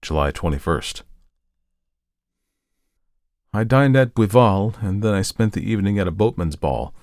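A male narrator reads a first-person tale in a measured, steady way. His voice sits low with a gravelly texture. The recording is dry and close with no room sound. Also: no echo. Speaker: audiobook narrator.

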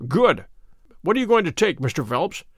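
A sharp, self-assured detective talks in a brisk, dry way, as a man reads him in an audiobook. The voice sits a little high and moves a lot in pitch. The sound is close and dry. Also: very animated, breathy edge, dry recording. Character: sharp, wry male detective, brisk and confident. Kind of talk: audiobook character reading.

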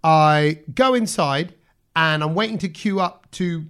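A man's voice: fairly high pitch, a little slow, clear, resonant tone. A man co-hosting a casual podcast chat, telling an anecdote and acting out the people in it. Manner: animated storyteller, acts out quotes. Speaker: podcast co-host.

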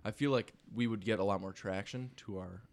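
A man's voice: on the low side, brisk. A man talking in a casual chat, rambling and restarting as he explains an idea.

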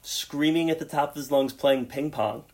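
A man's voice: a little high, moderate pace, a little mellow. Rambling man chatting about movies. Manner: rambling, frequent restarts, laughs at own stories. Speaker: podcast co-host. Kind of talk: casual movie discussion.

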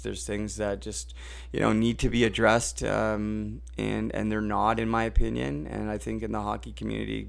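A Canadian man hosting a casual chat, talking in an animated way and getting louder when he makes a point. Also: on the low side, creaky. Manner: animated, rises and gets loud when making a point. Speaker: host.

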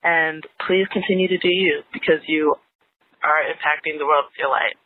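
A woman's voice: sits low, fairly even intonation, moderate pace. A woman leaving a bubbly, affectionate voicemail praising the podcast. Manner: bubbly, playful. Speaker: voicemail caller. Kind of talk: cheerful fan voicemail. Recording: tinny phone-line voicemail.

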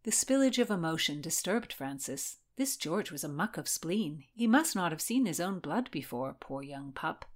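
A woman narrating a historical novel in an expressive, lively storytelling manner. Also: deep voice, normal speed, hardly any pauses. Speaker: audiobook narrator. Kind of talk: scripted narration.

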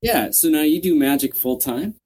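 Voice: medium pitch, expressive, moderate pace, warm tone. An interviewer asking upbeat, prompting questions in a casual interview.

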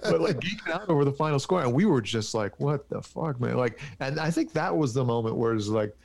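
Man, gravelly, casual podcast guest, animated storytelling. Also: mid-range voice, a little fast. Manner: animated storyteller, stumbling restarts. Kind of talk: casual chat.

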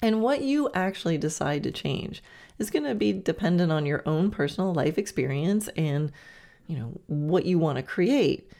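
A woman's voice: lowish voice, animated, normal speed, vocal fry, warm tone. A woman hosting a podcast, giving chatty, encouraging coaching advice with playful asides. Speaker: podcast host. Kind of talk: coaching monologue.

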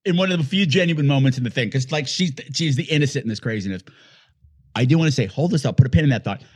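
A man's voice: medium pitch, slightly rough. A man co-hosting a podcast, joking and laughing as he riffs through a bad old movie. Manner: animated, joking, quick to laugh. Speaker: podcast co-host. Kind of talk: casual movie riffing.

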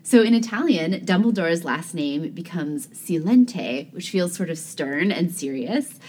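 A woman's voice: lowish voice, expressive, a little slow, darkish tone, husky. A woman co-hosting a podcast, reading scripted banter with a playful delivery. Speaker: podcast co-host.

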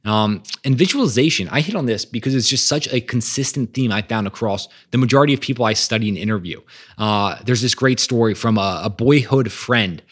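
A man's voice: medium pitch, a little fast, husky. A man hosting a podcast, talking with energy and emphasis about growth mindset and reading quotes aloud. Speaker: podcast host. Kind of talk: motivational monologue.

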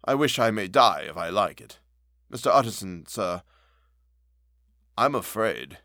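A man's voice: lowish voice, sing-song, measured pace, sharp tone, no room sound, clean studio sound, voice pushed down, full character voice. A man voicing a frightened, loyal male manservant who speaks deferentially and doggedly. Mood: afraid.

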